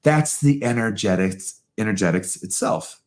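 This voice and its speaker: A man hosting a live astrology talk, answering audience questions in an animated, emphatic way with quick asides. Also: lowish voice.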